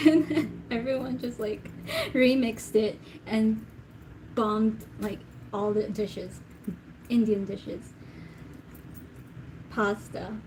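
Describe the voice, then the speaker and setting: A woman's voice: a little high, little pitch movement, takes it slowly, long pauses, a little mellow, a little hiss or hum, low-quality recording. A woman hosting a live tarot Q&A stream, chatting casually, laughing often and reading viewer comments aloud. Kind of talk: casual livestream chat.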